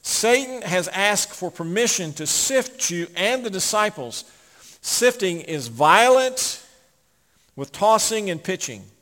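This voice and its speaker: A man preaching a sermon, swinging from loud emphatic peaks to hushed asides. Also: sits high, animated, takes it slowly. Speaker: pastor. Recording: long hall reverb.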